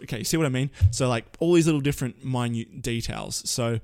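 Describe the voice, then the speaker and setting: Casting note: young man, mid-pitch voice, dry close sound, loose tutorial delivery with plenty of restarts. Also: fast talker, creaky, dry recording. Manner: lively, rambling, frequent self-corrections. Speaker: presenter giving storytelling tips. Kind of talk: casual spoken tutorial.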